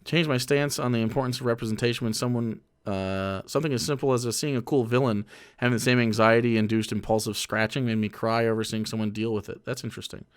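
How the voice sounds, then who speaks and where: A man's voice: medium pitch, steady tone, quick pace, clear, resonant tone, dry recording, clean studio sound. A man streaming and reacting to a video, rambling and profane, with frequent restarts. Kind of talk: casual reaction commentary.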